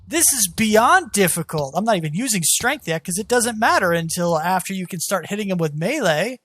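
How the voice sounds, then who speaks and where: A gaming channel host giving gameplay commentary, talking straight to viewers with excited, exasperated outbursts. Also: medium pitch, normal speed. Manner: talks to viewers as "guys".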